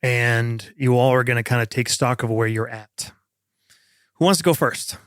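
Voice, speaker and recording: A man's voice: medium pitch, moderate pace, a bit bright, clear, resonant tone, no room sound, studio quality. A man narrating as game master of a tabletop role-playing game, setting scenes in an easygoing way.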